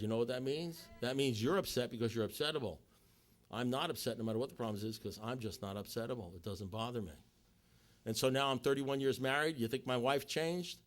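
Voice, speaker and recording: Middle-aged guy giving his testimony at a recovery meeting, acts out both sides of the talk, goes quiet and low to make a point. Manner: storytelling, acts out dialogue, quick asides; drops to a low, quiet voice for emphasis. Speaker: recovery group speaker.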